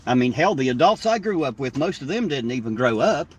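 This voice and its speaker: A man's voice: medium pitch, sing-song, brisk, slightly rough. A man from southern Ohio with a drawl, chatting casually and folksily on a live stream while driving. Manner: laid-back, folksy, rambling. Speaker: livestreamer. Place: inside a car driving at night. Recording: distant mic with faint road noise.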